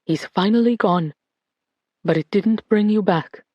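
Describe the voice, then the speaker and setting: A woman voicing an elderly grieving woman who speaks quietly and wearily. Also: mid-range voice, measured pace, no room sound, dull audio, lightly acted. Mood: weary, grieving. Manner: quiet and weary. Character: elderly grieving woman, former jewel thief.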